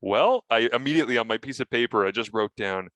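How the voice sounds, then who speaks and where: A man co-hosting a casual sports podcast, telling animated stories and acting out his own broadcast lines. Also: on the low side, fast talker, dry recording. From Canada.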